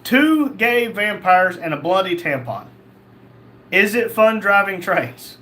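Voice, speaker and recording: A man's voice: high-pitched, lively intonation, slow pace, sharp tone. A man hosting a casual livestream, reading chat comments aloud and answering them in a blunt, crude, joking way. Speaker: livestream host.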